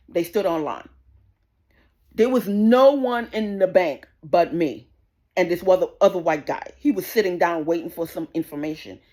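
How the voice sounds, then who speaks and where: A woman's voice: lowish voice, darkish tone. A woman, ranting indignantly to camera, swearing often and repeating herself as she tells the story. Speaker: vlogger. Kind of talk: casual rant to camera.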